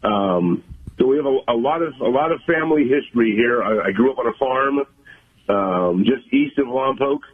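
An older man from the California Central Coast, a guest on a radio interview, talking in a halting, folksy way with many fillers. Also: mid-range voice, animated, slightly rough. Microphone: phone. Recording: tinny phone line.

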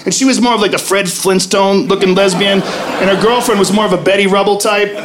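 High-voiced brash stand-up comic man. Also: steady tone, a little fast, slight background noise. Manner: brash, profane, loud punchlines. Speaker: stand-up comedian. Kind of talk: stand-up comedy routine. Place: comedy club stage. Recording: live club recording, audience laughter. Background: crowd laughing.

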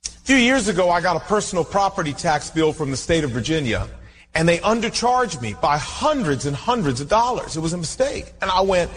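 A man's voice: on the high side, sing-song, brisk, fairly bright tone, big-room sound. A man preaching a sermon as pastor, telling a story animatedly and acting out the dialogue.

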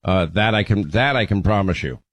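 A man's voice: lowish voice, a little fast, low-quality recording. A man hosting a call-in radio show, talking to callers in a conversational way and often restarting his sentences. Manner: conversational, repeats words when restarting. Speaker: radio talk show host. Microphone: studio microphone.

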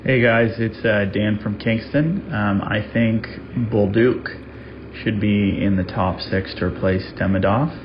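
A male caller leaves a halting recorded message and talks slowly. The audio is muffled and lo-fi, with steady noise underneath. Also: on the low side. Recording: dull lo-fi message with background hiss.

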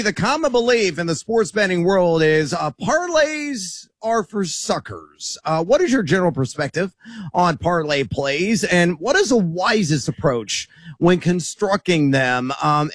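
A man's voice: high voice, lively intonation, a little slow, no echo, clean studio sound. A man co-hosting a sports betting radio show, asking questions in a jokey, teasing way.

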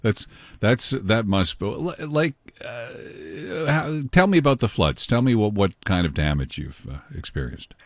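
A deep-voiced man hosts a morning radio show. He talks in a halting way, full of fillers and restarts. His studio mic sounds dry and close. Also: sing-song, no room sound. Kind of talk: casual radio interview.

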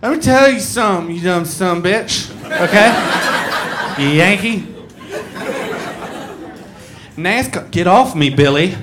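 Play a man putting on a drunk woman who is spoiling for a fight. Push the drawl up high and loud, belligerent and slurring, over a noisy live club. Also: expressive, measured pace, long pauses. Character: drunk, livid Southern woman racing fan.

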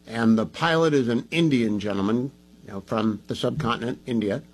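A man's voice: medium pitch, normal speed, husky, poor audio. A man hosting a talk radio show, delivering an opinionated, emphatic monologue in a conversational way, groggy from medication.

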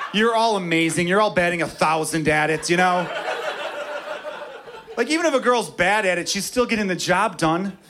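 A man doing a stand-up comedy set in a club, brash and profane, acting out bits. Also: fairly high pitch. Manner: brash, profane, acts out voices. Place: comedy club stage with laughing audience. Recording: live club recording with crowd laughter.

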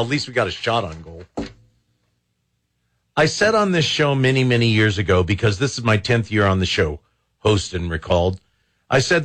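This talk radio host has a mid-range, slightly bright voice and riffs aloud with sarcastic jokes. It's casual on-air banter captured through a studio microphone.

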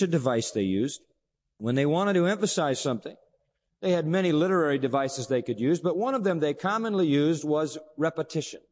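A male pastor preaches in a high, sweeping voice that climbs and drops all over the place. He throws out rhetorical questions and holds dramatic pauses. His words ring out with a long hall reverb behind them. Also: a little mellow. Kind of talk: sermon.

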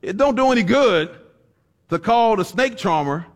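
A man preaching a sermon, folksy and fervent, breaking into shouted exhortations and wry stories. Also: sits high, lively intonation, moderate pace. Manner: storytelling with folksy humor.

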